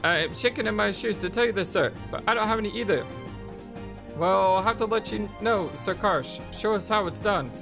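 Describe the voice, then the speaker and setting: A man's voice: high voice, moderate pace, gravelly, pitched above the performer's own voice. A man voicing a fussy male soldier lackey who talks in a pompous, wordy, fawning way. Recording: music playing behind voice.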